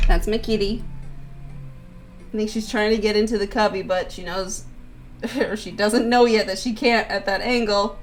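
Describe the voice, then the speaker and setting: A woman's voice: medium pitch, fairly even intonation, moderate pace, fairly bright tone. A chatty young woman streams a visual novel, reading narration and drifting into giggly, rambling asides. Her talk is loose and casual, aimed at viewers as she plays. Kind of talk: let's-play commentary and reading aloud.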